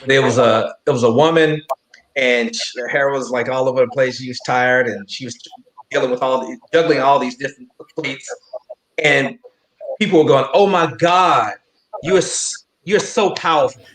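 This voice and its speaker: A man on a video call panel, telling a story in a relaxed, easygoing way. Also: mid-range voice, normal speed, reverberant, slight background noise, rough recording. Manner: relaxed storyteller, laughs softly.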